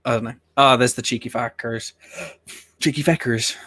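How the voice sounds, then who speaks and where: Male host, mid pitch, loose rambling reaction chat with some swearing; dead dry close-mic sound. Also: little pitch movement, a little fast, bright, forceful tone, no room sound. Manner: rambling, opinionated, swears casually. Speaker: host of a watch-along show. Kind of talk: casual reaction commentary.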